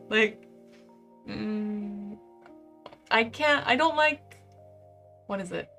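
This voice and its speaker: A young woman in her twenties, a live-streamer, chatting casually and reading out viewer comments in an animated way. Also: a little high, moderate pace, faint music behind. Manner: chatty and animated, heavy use of "like".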